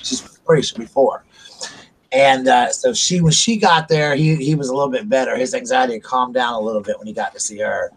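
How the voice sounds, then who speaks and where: A man's voice: mid-range voice, a little fast, husky, rough recording. A middle-aged man hosting a casual live stream, telling long rambling stories with restarts and asides. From South Carolina, US. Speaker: livestream host. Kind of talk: casual chat.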